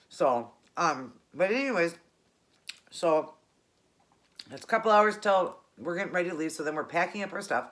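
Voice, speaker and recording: Low-voiced woman rambling through a story. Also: fairly bright tone. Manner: rambling, self-correcting, chatty. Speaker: cooking channel host. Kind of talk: casual personal storytelling.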